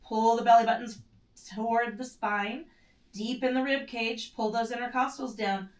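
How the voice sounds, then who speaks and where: This is a woman with a fairly high pitch and steady tone, talking at normal speed as she leads mat pilates. She does each move herself, breathing in short strained breaths, and corrects herself casually, recorded from a distance in an echoey room.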